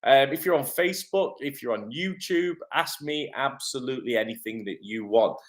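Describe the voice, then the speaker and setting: A man's voice: mid-range voice, moderate pace. A man, an acting coach running a live-stream Q&A from his home kitchen, chatty and upbeat with lots of ums. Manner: chatty and upbeat, many "um" fillers. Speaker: acting coach and agency head.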